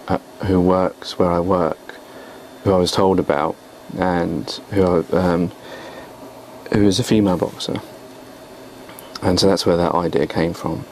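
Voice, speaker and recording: A man chatting on a video blog about his own writing, wandering through thoughts with hesitant, self-deprecating asides. His voice is very low and gravelly, with little rise and fall. A faint hiss sits under the talk. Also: a little mellow, low-quality recording. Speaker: poet and vlogger.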